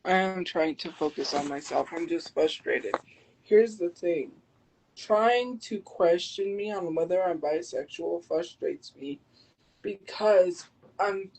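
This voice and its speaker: A woman livestreaming who answers her chat defensively and argues back, habitually talking loud. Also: fairly low pitch, breathy edge, rough recording. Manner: defensive, argumentative. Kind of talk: live stream chat replies.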